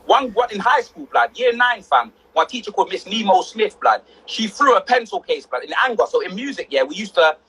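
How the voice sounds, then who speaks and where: A young man, telling animated stories on a livestream, full of street slang and acted-out quotes. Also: sits high, fairly quick, few pauses, breathy edge, rough recording. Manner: slang-heavy, excitable, acts out quotes. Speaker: livestream host.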